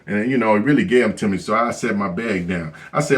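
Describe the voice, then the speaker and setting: A man's voice: lowish voice, fast talker, hardly any pauses. A man telling a story as a profane, blunt rant, cursing constantly and repeating "you know what I'm saying". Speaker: vlogger.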